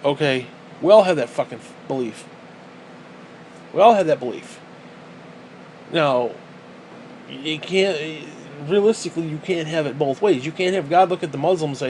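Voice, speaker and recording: A man vents in a heated, profane rant, his voice sitting a little high. He circles back and repeats himself as he talks. A faint hum runs underneath the recording. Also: a little fast, darkish tone, low-quality recording. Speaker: vlogger. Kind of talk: ranting monologue.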